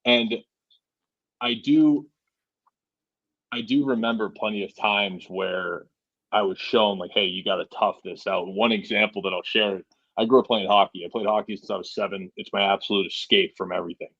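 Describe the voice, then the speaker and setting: A Massachusetts truck driver in his forties, appearing as a podcast guest, tells stories casually and ramblingly, leaning on "you know" and "right?" a lot. His voice is lowish and fairly bright, with fairly even intonation at a moderate pace. The recording has no echo but sounds muffled.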